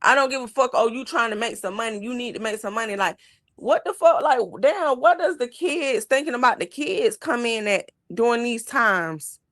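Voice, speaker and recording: Young woman guest, blunt and heated, bright and fairly high voice, dry sound. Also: lively intonation, moderate pace, dry recording. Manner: blunt, heated, heavy swearing. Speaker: livestream guest telling her story. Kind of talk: casual livestream chat.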